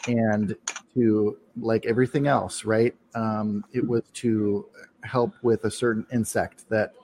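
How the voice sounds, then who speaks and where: A man's voice: on the low side, flat delivery, takes it slowly, darkish tone. A man co-hosting a casual podcast chat, rambling along with many ums and restarts. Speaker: podcast co-host.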